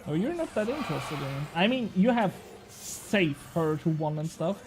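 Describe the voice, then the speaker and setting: A man's voice: a little high, big pitch swings, normal speed, music in the background. A young man streaming a game, chatting casually and bantering with his chat, swearing now and then.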